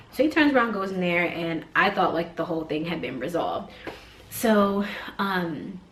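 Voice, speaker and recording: A woman telling a casual storytime tale, chatty and loose, with plenty of fillers and lively retellings. Her voice sits at an ordinary pitch for a woman. The room around her gives a noticeable echo. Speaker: vlogger, mother.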